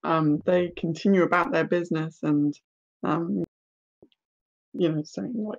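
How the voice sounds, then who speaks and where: A game master narrating a tabletop game, pausing often with ums and uhs. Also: mid-range voice, fairly even intonation, dull audio. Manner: halting, with many ums and uhs.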